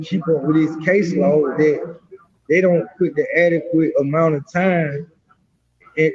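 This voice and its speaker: A man talking as a guest by phone, halting and rambling with many fillers. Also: on the high side, dark tone. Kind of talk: casual talk on a phone line. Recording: dull lo-fi phone call.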